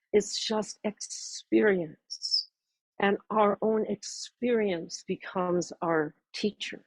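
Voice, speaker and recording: A woman in her sixties, a voice teacher, earnestly introducing her course at a measured pace with warm emphasis. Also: mid-range voice, breathy edge, no room sound, poor audio.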